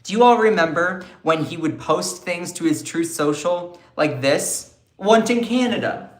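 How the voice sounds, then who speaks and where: A man's voice: fairly high pitch, a little slow, roomy sound. A man with a Southern US accent giving emphatic political commentary on a live stream, often repeating and restarting his phrases. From Southern United States.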